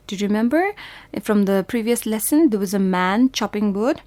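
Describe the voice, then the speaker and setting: A woman's voice: mid-range voice, animated, moderate pace, a little mellow. A woman with a Bhutanese English accent, teaching a phonics lesson to young children, sounding out each letter and repeating every word patiently.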